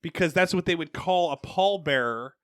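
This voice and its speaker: A man's voice: on the high side, lively intonation, normal speed, smooth. A man co-hosting a casual podcast, joking, laughing often and quizzing his guests. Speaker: podcast co-host. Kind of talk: casual chat. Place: home garage.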